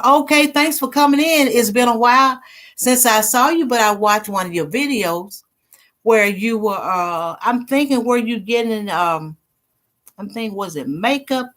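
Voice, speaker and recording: A woman's voice: fairly high pitch, a bit bright. Middle-aged woman with a drawl, hosting a loose, chatty livestream for her viewers. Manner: chatty, laughs easily, reads comments aloud. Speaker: livestream host. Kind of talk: casual live chat with viewers.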